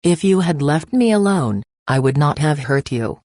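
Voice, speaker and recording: A woman reading the part of a cruel, gloating middle-aged male poisoner with a slow, taunting manner. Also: sits low, animated, darkish tone, dry recording, studio quality.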